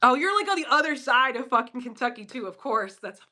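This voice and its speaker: A woman's voice: sits high, animated, fairly quick, sharp tone. Philly woman on a livestream, blunt and sweary, chatting straight to her viewers. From Philadelphia, US. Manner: blunt, profane, talks straight to chat. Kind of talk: casual livestream pep talk.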